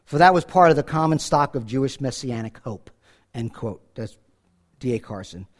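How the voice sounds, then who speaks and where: A man's voice: mid-range voice, animated, normal speed. A middle-aged man from New York preaching a conversational Bible-teaching sermon, acting out the scripture dialogue. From New York, USA. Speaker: pastor.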